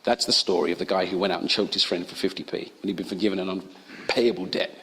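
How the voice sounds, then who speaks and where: A male pastor preaching a sermon, telling stories and acting out the voices of the people in them with sudden high cries. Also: fairly even intonation, quick pace, fairly bright tone. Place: college chapel or hall. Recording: long hall reverb.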